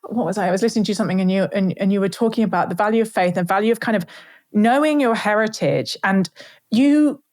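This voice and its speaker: A woman's voice: mid-range voice, fast talker, a little mellow. A woman from Southern England hosting an interview, asking reflective questions with small stumbles. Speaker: podcast host. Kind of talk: interview conversation.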